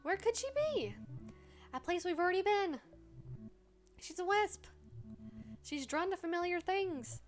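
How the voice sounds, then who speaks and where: A cheerful male hellhound pup, simple-hearted and loyal, bouncing through his lines with eager delight, as a woman reads him. The voice sits high and unhurried, with a game's soft music faintly underneath. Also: animated.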